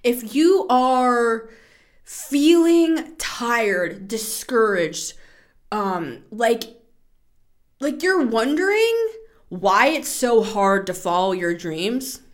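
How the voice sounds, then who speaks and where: A woman in her thirties hosting a casual tarot reading show, chatty and animated, laughing often and swearing freely. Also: on the high side, very slow. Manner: animated, shifts into playful voices. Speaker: tarot podcast host.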